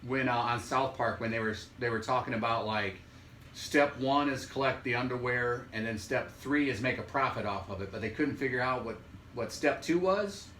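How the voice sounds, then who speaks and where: A man's voice: mid-range voice, normal speed, fairly bright tone, slight background noise. A man hosting a casual podcast, hesitant and questioning as he thinks aloud. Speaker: podcast host. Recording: echoey room, away from the mic.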